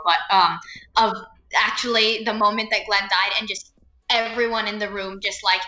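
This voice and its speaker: A woman's voice: mid-range voice, bright, forceful tone, reverberant, highs cut off. A young actress from New Jersey, chatting in an interview, laughing often and filling her talk with "like" and "um". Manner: chatty, laughing, many fillers like "like" and "um". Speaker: actress guest. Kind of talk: casual interview chat.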